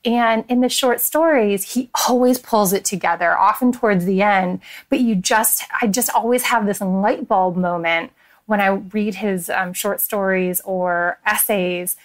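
Giggly, animated woman guest. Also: medium pitch, a little slow. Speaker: podcast guest. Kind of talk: casual chat.

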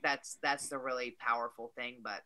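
A woman wrestler, a guest on a talk show, speaking earnestly and warmly in casual chat. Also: extremely low pitch, little pitch movement, normal speed, crowd noise. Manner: earnest, heartfelt.

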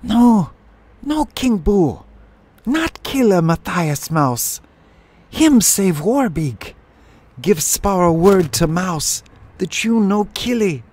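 A man's voice: high voice, very animated, slow pace, darkish tone, pitched above the performer's own voice, exaggerated voice. A man voicing a young female sparrow who pleads desperately in broken speech. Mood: pleading.

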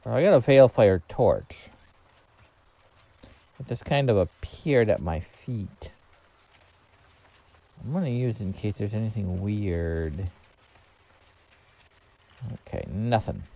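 A man's voice: on the low side, animated, slow, creaky, long pauses, warm tone. A man casually commenting while he plays a game, rambling and thinking aloud with plenty of fillers. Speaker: streamer.

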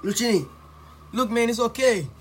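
A woman's voice: on the high side, normal speed, slight background noise. A woman chatting casually on a phone livestream at home, teasing and playfully consoling someone. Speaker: vlogger. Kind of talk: casual live-stream chat. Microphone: phone camera.

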